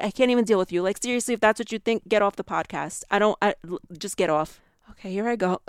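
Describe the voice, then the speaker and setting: Woman, podcast host, heated rant full of "like" and curses, smooth clear voice, close dry sound. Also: on the low side, dry recording. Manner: angry ranting, swearing, many fillers. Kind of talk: solo podcast monologue. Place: New York.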